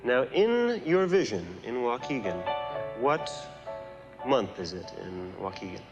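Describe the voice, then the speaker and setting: A man hosting a stage magic show, leading an audience volunteer with playful, smooth patter. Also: mid-range voice, sing-song, a little slow, muffled recording. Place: theater stage before a live audience. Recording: live TV broadcast with a loud crowd. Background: audience applause and music.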